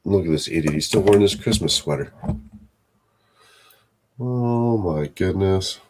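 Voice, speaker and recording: A deep-voiced man talks casually to his live-stream chat from his home setup. His voice is low and somewhat husky, and he rambles, curses and mutters to himself as he goes. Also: expressive, measured pace, a little mellow. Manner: rambling, swearing, talking to himself. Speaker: live streamer building sets.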